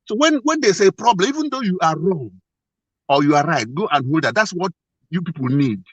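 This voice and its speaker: Earnest man, fairly high voice. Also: animated, husky, dry recording, lo-fi sound. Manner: earnest, halting, with many restarts and repeats. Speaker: guest sharing a marriage problem. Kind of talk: telling a personal story.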